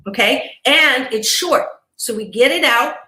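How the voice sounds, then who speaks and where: As an interview guest, a woman who is a psychologist and motivational speaker gives an animated, emphatic inspirational talk, laughing between points. Her voice sits high and unhurried, and the sound is reverberant.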